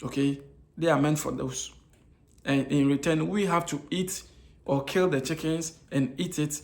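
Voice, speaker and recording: A man from Africa talks a little slowly in a slightly high voice with fairly even intonation and some vocal fry. In his informal nutrition lecture he answers his own rhetorical questions, repeats key phrases, and hesitates a lot with fillers.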